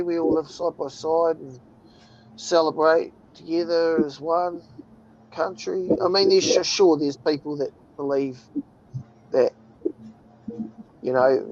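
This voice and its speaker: Drawling New Zealand man, gravelly voice. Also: on the high side. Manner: swears a lot, slow and drawling with sudden excited outbursts. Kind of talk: casual chat. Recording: dull lo-fi sound.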